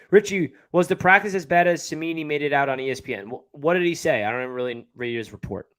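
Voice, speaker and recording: A man's voice: on the high side, a little fast. Chatty man with a New York area accent. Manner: chatty, reads and answers viewer comments. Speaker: livestream host. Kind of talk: casual live chat.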